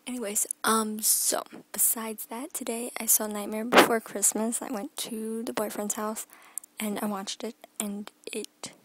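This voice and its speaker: A woman's voice: a little high, flat delivery, measured pace, noisy background. Chatty young woman vlogging from her bedroom. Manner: rambling, chatty, often drops into a whisper. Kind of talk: casual daily vlog. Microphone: phone held at arm's length.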